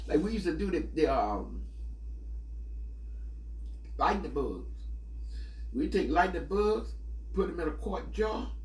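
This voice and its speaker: A man's voice: on the high side, echoey room, recorded from a distance. A man, rambling through profane, laughing childhood memories. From Mississippi, US South. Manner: rambling, profane, laughs often mid-story. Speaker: storyteller. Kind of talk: casual reminiscing.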